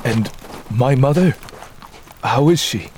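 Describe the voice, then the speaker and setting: A man voicing a grieving young male warrior with halting, earnest speech in an audiobook. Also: medium pitch, lively intonation, a little mellow, a little hiss or hum, pitched above the performer's own voice. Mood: anxious. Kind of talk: audiobook character voice.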